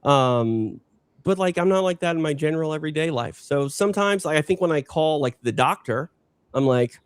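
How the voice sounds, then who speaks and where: A man with a slight Minnesota accent, a longtime combat sports announcer, chatting as a podcast guest in a low-key, unprojected everyday voice. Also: expressive, brisk, clean tone, no echo. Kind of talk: casual interview chat.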